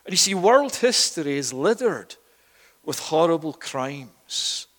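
Brief: male preacher, fairly high voice, emphatic sermon delivery, long church reverb. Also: big pitch swings, unhurried. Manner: emphatic, rising and louder at key points, with repeated words. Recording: long echo of a church hall.

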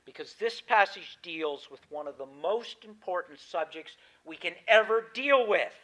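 A man's voice: high voice, lively intonation, moderate pace, bright, forceful tone, low-quality recording. A man preaching a sermon, chatting easily with his congregation, then reading scripture aloud with rising emphasis. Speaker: pastor.

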